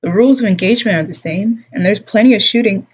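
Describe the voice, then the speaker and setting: A woman reading the part of a weary older grandfather who grumbles in a measured way. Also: medium pitch, husky, close to an everyday voice. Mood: bitter. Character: weary older male grandfather, gruff but patient. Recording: dull lo-fi stream audio.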